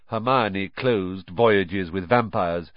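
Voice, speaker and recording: A man reading a children's novel aloud as audiobook narrator, with expressive storytelling. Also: sits low, slow, dry recording. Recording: dry, dull lo-fi recording.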